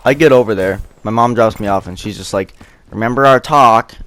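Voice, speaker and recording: A man's voice: fairly low pitch, fast, a little hiss or hum. A young man vlogger telling a rambling, profane, self-mocking story in casual chat.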